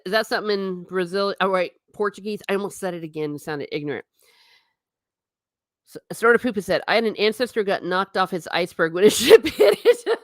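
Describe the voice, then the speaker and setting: A woman's voice: on the low side, dry recording, clean studio sound. A woman in her thirties hosting a livestream, reading chat and chatting in an emotional, laughing way. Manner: chatty and emotional, laughs often, self-interrupting. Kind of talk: casual chat.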